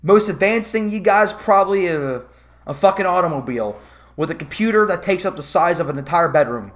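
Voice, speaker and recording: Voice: mid-range voice, brisk. A vlogger ranting about a movie in a casual comedic review, swearing often and laughing. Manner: profane, animated, laughing.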